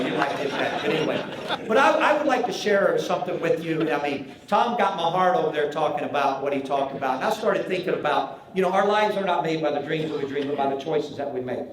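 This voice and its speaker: A man in his sixties from North Carolina with a Southern accent, telling folksy, animated stories as a banquet keynote speaker. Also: fairly high pitch, brisk. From Charlotte, North Carolina. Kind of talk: after-dinner storytelling speech. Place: large banquet hall. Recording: echoey banquet hall with faint ambience.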